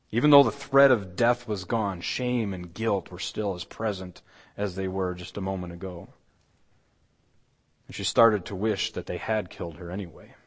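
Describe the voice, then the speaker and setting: A man preaching a sermon, retelling a scripture story dramatically and dropping his voice to a near hush. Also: on the low side, long reverb tail. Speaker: pastor. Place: church.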